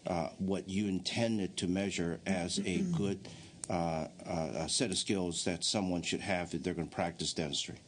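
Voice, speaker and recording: A man on a legislative committee asking questions, halting with many fillers and restarts. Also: low-pitched, fairly even intonation, slight background noise. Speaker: committee member.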